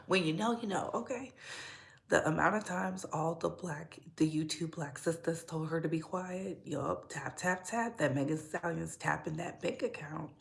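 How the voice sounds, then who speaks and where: Woman, young adult, livestream host, casual gossip chat, sassy and chatty, gravelly vocal fry, lowish voice. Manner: sassy, chatty, greets viewers, laughs often.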